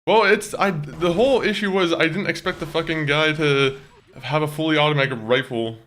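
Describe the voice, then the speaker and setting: A man's voice: on the high side, a little fast, fairly bright tone. A young man streaming a video game, chatting with viewers, swearing and laughing as he plays. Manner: chatty, talks to chat, swears and laughs easily. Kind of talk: casual live-stream gameplay commentary.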